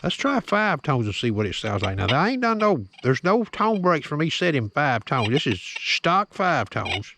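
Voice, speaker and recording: A plain-spoken man talks through a hands-on demonstration, his voice high and gravelly with lively swings in pitch. He keeps checking in with the listener. It is a noisy outdoor recording with birds and clicks behind him. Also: moderate pace, few pauses. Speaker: metal detecting hobbyist demonstrating a detector. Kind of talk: folksy hands-on tutorial.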